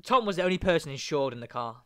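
A young man telling a lively anecdote in casual chat, acting out the other people's lines. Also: on the high side, fast, clear, resonant tone. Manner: animated, acts out other voices.

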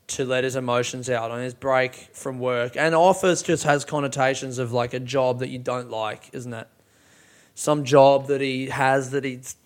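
A young man casually breaking down song lyrics, swearing freely and laughing often as he talks. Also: medium pitch. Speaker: music reviewer.

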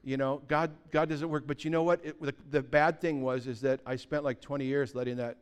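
A man in his fifties from California, a pastor telling a personal story in a lively, anecdotal way, with sudden loud bursts. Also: medium pitch, brisk, clean tone. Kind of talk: sermon storytelling.

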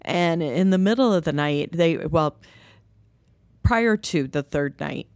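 Low gravelly-voiced woman telling a story. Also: slow pace, no echo. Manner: earnest, animated when quoting others. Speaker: nursery co-founder. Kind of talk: conversational interview storytelling.

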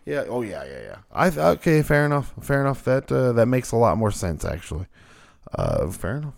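A man's voice: medium pitch, big pitch swings, fairly quick, gravelly, no room sound, clean studio sound. A man co-hosting a podcast in loose, rambling casual chat, swearing freely. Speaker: podcast co-host.

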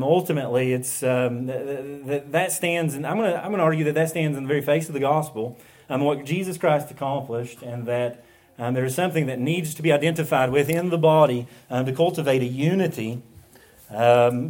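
A man's voice: a little high, darkish tone. A man preaching a sermon as a pastor, earnest and emphatic, with frequent fillers and restarts.

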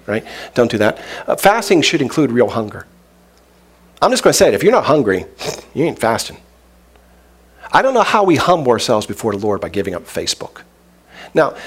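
Male pastor, husky tone, casual joking sermon delivery. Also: medium pitch. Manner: conversational, joking preacher who acts out voices.

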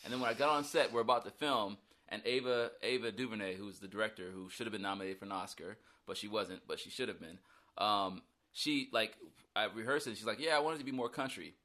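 A man's voice: fairly low pitch, brisk, bright, forceful tone. A man who is an actor, chatting casually and jokingly about a film role in an interview. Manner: rambling, joking, self-deprecating. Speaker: actor guest.

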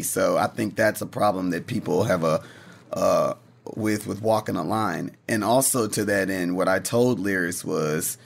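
Low gravelly guy talking shop, animated, slips into voices for his stories. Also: measured pace. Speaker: marketing and brand manager. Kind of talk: casual chat.

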